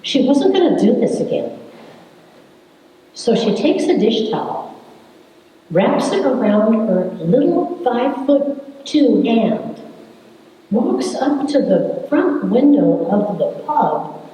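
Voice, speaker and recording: A woman in her seventies telling her family's story to an audience, wry and unhurried, with dramatic pauses. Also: on the high side, big pitch swings, dark tone. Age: 70s. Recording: echoey hall from far off.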